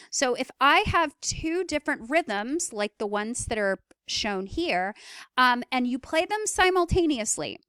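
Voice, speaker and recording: A woman gives a recorded lecture in a smooth, resonant voice set a little high. She explains things step by step with frequent fillers. The sound is dry and close. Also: a bit bright, no room sound. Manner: explanatory, with fillers and vocal demos of rhythms.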